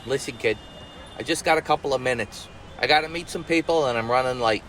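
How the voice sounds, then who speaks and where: A man's voice: medium pitch, fast talker, a bit bright, a little hiss or hum, low-quality recording. A man telling a fairy tale to his nephew as a comic retelling, full of streetwise slang and wisecracks, speaking outdoors. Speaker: storytelling uncle.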